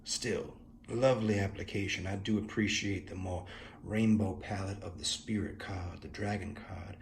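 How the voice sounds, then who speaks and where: A man's voice: deep voice, fairly even intonation, moderate pace, gravelly, slight background noise. A young man casually reviewing the art of a card deck, musing and thinking aloud, with playful asides and many fillers.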